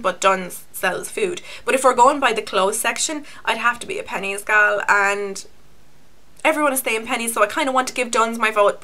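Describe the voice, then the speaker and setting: A woman's voice: on the high side, bright, forceful tone. A young Irish woman with an Irish accent chatting to camera in a casual, rambling beauty vlog, with a self-mocking streak. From Ireland. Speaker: beauty YouTuber.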